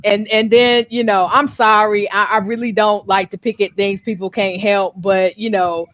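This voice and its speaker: A woman's voice: medium pitch, fairly even intonation, moderate pace, fairly bright tone. A woman hosting a casual livestream chat, talking frankly and laughing often. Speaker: host. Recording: dull lo-fi stream audio with faint noise.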